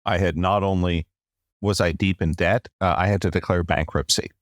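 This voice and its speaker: A middle-aged man in a podcast interview, telling a long personal story with lively acted-out quotes and a habit of saying "long story short". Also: sits low, moderate pace, dry recording, clean studio sound. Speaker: podcast guest.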